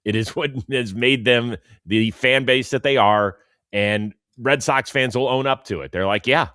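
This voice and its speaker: A man co-hosting a casual sports talk show, animated and sarcastic, often dropping into mocking quotes. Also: mid-range voice, no room sound, clean studio sound. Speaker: co-host.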